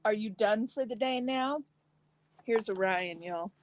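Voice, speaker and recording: A woman hosting a relaxed live stream, chatting casually with viewers and answering their comments while eating. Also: medium pitch, measured pace, slight background noise, poor audio. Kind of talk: casual chat reading comments.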